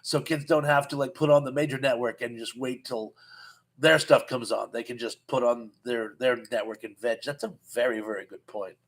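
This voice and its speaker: A man's voice: medium pitch, fairly even intonation, normal speed, fairly bright tone, low-quality recording. A man in his fifties hosting a casual live chat, reading viewer comments aloud and rambling with frequent restarts.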